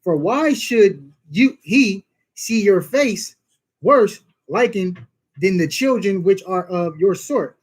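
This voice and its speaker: A man reading scripture aloud in a careful, halting way. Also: high voice, animated. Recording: distant from the mic.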